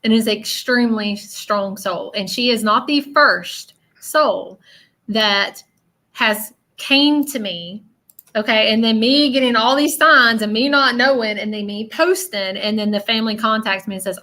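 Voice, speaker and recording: A woman hosting a live-stream spirit reading, earnest and halting, repeating phrases and close to tears. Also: a little high, sharp tone. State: emotional, near tears. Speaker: psychic medium host.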